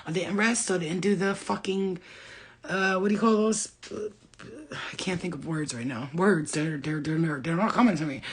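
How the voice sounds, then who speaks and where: A woman's voice: low-pitched, breathy edge. A woman giving a casual spiritual reading to viewers, rambling off on tangents, laughing and swearing freely. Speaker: spiritual reader.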